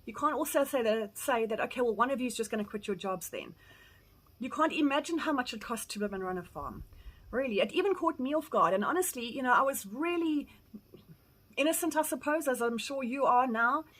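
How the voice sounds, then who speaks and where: A middle-aged South African woman giving candid, blunt advice, acting out quoted conversations with lively energy and casual swearing. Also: a little high, brisk, poor audio. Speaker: farm vlogger. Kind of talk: candid personal advice talk.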